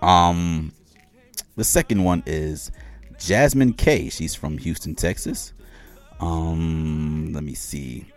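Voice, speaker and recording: A young man co-hosting a podcast, chatting casually and joking, slowing down to spell out names. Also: extremely low pitch. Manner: laid-back, joking, slow when reading out names. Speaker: podcast co-host. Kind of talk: casual chat.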